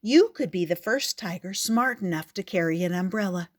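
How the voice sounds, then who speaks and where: A woman voicing a quick-witted little boy who bargains cheerfully. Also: on the low side, expressive. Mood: coaxing.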